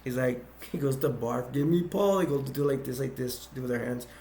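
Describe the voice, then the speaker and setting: Reviewing movies, a man casually retells scenes in a halting, rambling way, restarting often and chuckling as he goes. His mid-range voice has little pitch movement and a slightly mellow quality.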